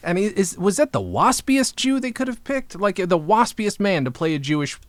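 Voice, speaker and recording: A man from New York co-hosting a comedy podcast, interviewing with a playful, deadpan manner. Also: sits high, a little fast, no echo. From Lawrence, New York. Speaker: podcast co-host.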